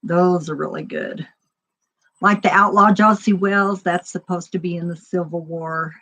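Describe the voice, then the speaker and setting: A woman's voice: on the low side, fairly even intonation, normal speed, a bit bright. Chatty rambling woman, lo-fi sound. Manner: chatty, rambling, laughs often. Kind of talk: casual chat.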